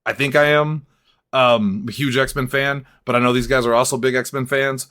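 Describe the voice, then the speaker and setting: A man hosts a casual movie-review podcast with energy and a steady stream of jokes. He laughs often and keeps the talk loose and comedic, at a mid pitch. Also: moderate pace, clean tone. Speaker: podcast host.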